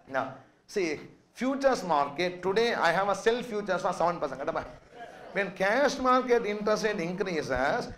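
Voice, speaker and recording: High-voiced guy, teaching finance, keeps firing "yes or no?" at the class. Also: a bit bright. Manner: drilling students with constant "what?" and "yes or no?" questions. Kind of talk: classroom lecture.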